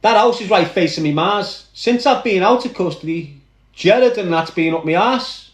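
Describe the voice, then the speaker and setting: A man with a Liverpool accent tells a story from his past in a high, lively voice, speaking straight to the people listening. He sounds like he is in a roomy, echoing space. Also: normal speed. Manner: animated, addresses listeners directly. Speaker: guest recounting his past. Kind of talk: dramatic first-person storytelling.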